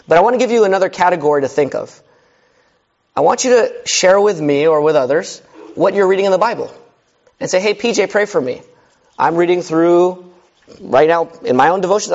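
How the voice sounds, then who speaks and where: Earnest preaching man, slightly high voice. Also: a little fast, darkish tone, highs cut off. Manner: earnest, conversational preaching with direct questions to listeners. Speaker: pastor. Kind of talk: sermon.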